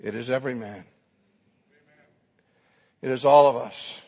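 A man's voice: mid-range voice, a little slow, a little mellow, husky. A man preaching a sermon, telling a story in a dramatic, emphatic way. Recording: long hall reverb.

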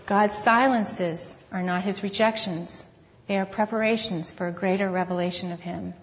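An earnest woman gives a Christian talk, reading scripture and reflecting on it in a measured, unhurried way. Her voice rings with long reverb in a large hall. The recording sounds muffled and lo-fi. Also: mid-range voice, steady tone. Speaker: conference speaker.

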